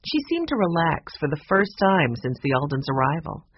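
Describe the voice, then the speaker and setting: Husky, expressive audiobook narrator. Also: medium pitch, normal speed, dry recording, dull audio. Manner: expressive, storytelling. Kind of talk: scripted narration.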